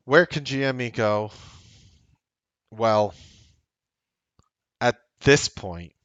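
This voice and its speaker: A man's voice: fairly low pitch, no echo. A man hosting a trading show, giving casual, rambling market commentary with blunt language. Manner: animated, rambling, blunt with profanity.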